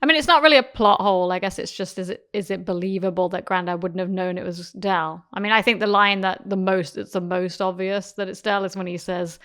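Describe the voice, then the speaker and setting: A woman's voice: fairly low pitch, level tone, fairly quick, few pauses, fairly bright tone. A British woman co-hosting a podcast, leading the scene recap in easygoing chat. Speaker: podcast co-host. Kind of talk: casual chat.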